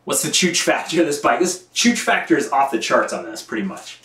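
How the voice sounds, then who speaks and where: A man's voice: fairly high pitch, big pitch swings, moderate pace, fairly bright tone. Chatty laughing man in an echoey room. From United States. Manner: chatty, laughs often, reads out viewer comments. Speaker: mountain bike vlogger washing his bike on a live stream. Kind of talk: casual live-stream chat.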